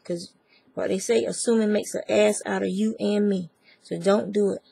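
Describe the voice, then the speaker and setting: A woman's voice: medium pitch, fairly even intonation, moderate pace, creaky, dark tone, husky, no room sound. A woman with a Southern US accent giving a chatty, rambling crochet tutorial and talking straight to her viewers. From American South. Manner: chatty, digressive, talks to viewers as y'all. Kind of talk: casual crafting tutorial.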